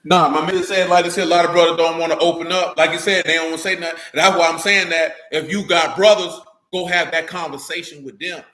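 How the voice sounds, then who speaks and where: A man's voice: on the high side, steady tone, fast, a bit bright. A man leading a casual religious talk to a group, slangy and joking, with frequent asides. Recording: echoey room.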